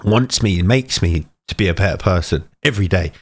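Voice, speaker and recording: A middle-aged man with a very low voice, speaking earnestly and close to tears. He talks in short, punchy lines broken by heavy sighs, the way a motivational speaker would. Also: a little fast, slightly rough. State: tearful, emotional. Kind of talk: emotional personal testimony.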